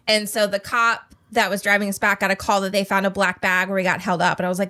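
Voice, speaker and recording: A woman's voice: mid-range voice, little pitch movement, fairly quick, few pauses, bright, forceful tone. A woman co-hosting a TV reaction video, telling a long personal story in a loose, chatty way, full of "like" and little laughs. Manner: chatty, filler-heavy, frequent "like". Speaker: co-host of a TV reaction channel.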